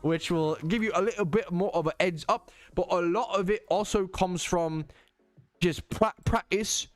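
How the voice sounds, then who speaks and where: Cheeky exaggerated British lad, put on by a male streamer, pitched up high. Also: moderate pace, dry recording, soft background music, lightly acted. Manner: overdone slangy banter, high and bouncy. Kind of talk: streamer putting on a joke accent.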